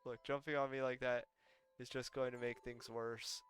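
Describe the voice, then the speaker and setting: A man reading a wary, wounded teenage boy's lines in a flat monotone. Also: medium pitch, normal speed, clean tone, soft background music, lightly acted. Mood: guarded.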